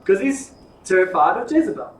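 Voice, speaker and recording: Man, Bible teacher, lively jokey storytelling, echoey room, distant mic. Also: sits high, brisk. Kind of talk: informal Bible study lesson.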